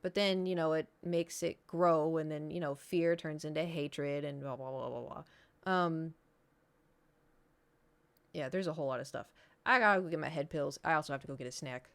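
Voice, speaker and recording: A woman's voice: deep voice, moderate pace, clean tone. A young adult woman chatting casually on a gaming stream, rambling to chat and her pet.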